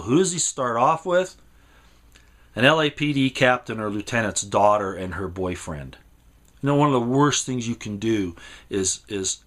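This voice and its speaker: A man giving an impassioned monologue, emphatic and rambling, repeating words and swinging between raised and lowered delivery. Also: a bit bright. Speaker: commentator.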